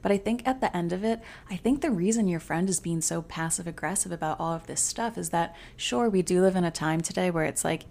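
Chatty woman podcaster with gravelly fry. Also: fairly low pitch, brisk, hardly any pauses, darkish tone. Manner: chatty, many filler "like"s; self-described hot-headed and fiery. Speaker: podcast host. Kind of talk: casual solo podcast advice. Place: home closet.

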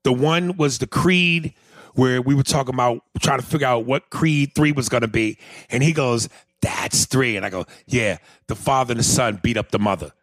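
A man's voice: mid-range voice, normal speed, fairly bright tone, dry recording. A man co-hosting a podcast in casual chat, boisterous and profane, often laughing. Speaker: podcast co-host.

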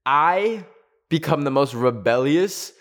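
A man's voice: on the high side, animated, slow pace, a bit bright. A young man telling a personal story in a chatty vlog style, filling his speech with "like". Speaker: video creator.

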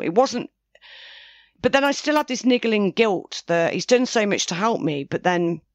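A woman with a mid-range voice, recorded with no room sound, tells a personal story as an interviewee. She rambles casually, often restarting and correcting herself.

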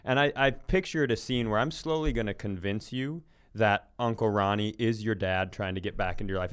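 A man's voice: lowish voice, clear, resonant tone. A man co-hosting a comedy podcast, playfully building absurd bits and laughing often in casual banter.

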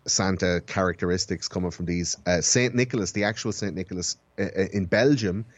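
Low-voiced man rambling through a story. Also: brisk, no room sound, highs cut off. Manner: rambling storyteller, restarts phrases while explaining history. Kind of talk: casual podcast chat.

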